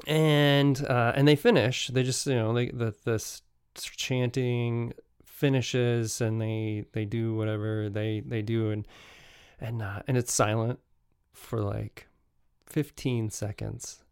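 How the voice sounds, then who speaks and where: A man casually telling travel stories as a podcast host, halting and restarting often, with frequent chuckles. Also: mid-range voice, flat delivery, a little mellow, smooth, no echo, clean studio sound.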